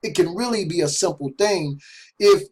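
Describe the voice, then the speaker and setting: Husky-voiced man giving a chatty sales pitch. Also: moderate pace, darkish tone. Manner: repetitive, chatty, keeps asking "right?"; restarts and stumbles over words. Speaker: online marketing vlogger. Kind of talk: casual direct-to-camera sales talk.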